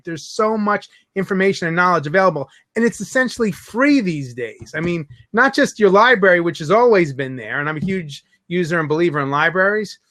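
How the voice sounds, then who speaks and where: A man with a high, bright voice hosts an interview. He talks with eager energy, telling stories quickly and restarting his sentences as he goes. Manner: enthusiastic, quick storytelling with restarts. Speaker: interview host. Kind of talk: casual interview chat.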